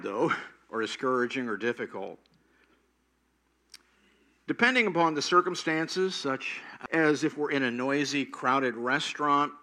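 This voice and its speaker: A man's voice: mid-range voice, sharp tone. An older man preaching a sermon, telling stories and acting out quoted prayers with animation. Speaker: pastor.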